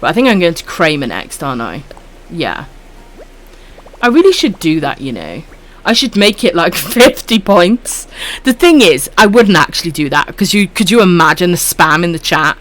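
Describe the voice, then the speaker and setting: Lively, foul-mouthed Welsh woman streamer. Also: on the low side, moderate pace. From Wales. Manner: chatty, swears freely, calls viewers love and sweetheart. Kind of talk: casual live-stream chat while gaming.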